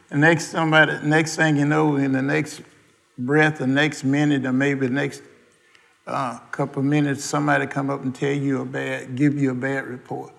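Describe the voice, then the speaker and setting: A man's voice: a little high, level tone, moderate pace, gravelly, a bit bright. A man preaching a sermon, quizzing the congregation with questions and folksy asides, in everyday dialect grammar.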